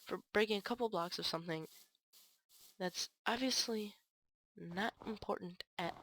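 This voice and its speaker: A woman's voice: mid-range voice, moderate pace, a bit bright. A woman giving casual game commentary, telling a rambling, aggrieved story full of fillers. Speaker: gaming channel creator.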